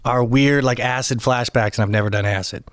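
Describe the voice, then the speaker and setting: A man hosting a podcast, telling a story in an animated way and acting out what people said. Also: mid-range voice, fairly quick, clean tone, no room sound, studio quality. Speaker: podcast host. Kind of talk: casual podcast chat. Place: recording studio.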